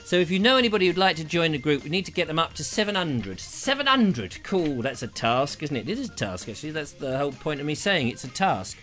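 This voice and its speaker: A jokey man hosts a casual live stream in a high, animated voice. He rambles cheerfully from one pun to the next, and his tone is bright and forceful. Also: fast, hardly any pauses, soft background music. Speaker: live show host.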